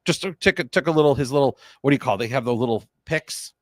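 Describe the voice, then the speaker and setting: A middle-aged man hosts a casual live stream, rattling off stories and banter at a quick clip. His voice sits at an ordinary pitch, recorded close and dry with little room sound. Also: no room sound. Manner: chatty storyteller, quick and animated. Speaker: host.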